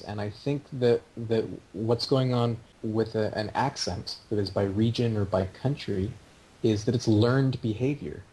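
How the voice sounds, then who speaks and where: A man's voice: medium pitch, darkish tone, breathy edge, rough recording. A man hosting a podcast, talking in a chatty, opinionated way. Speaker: podcast host. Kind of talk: casual podcast chat.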